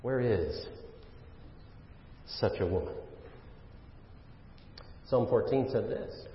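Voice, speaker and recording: A man preaching a sermon in a relaxed, conversational way, with fillers and asides, rising for emphasis on key phrases. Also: mid-range voice. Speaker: pastor. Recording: roomy hall reverb, dull lo-fi sound.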